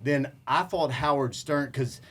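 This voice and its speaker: Former Marine guest, steady and unhurried. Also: male voice, medium pitch, a little hiss or hum. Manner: measured, repeats words as he starts. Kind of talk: casual chat.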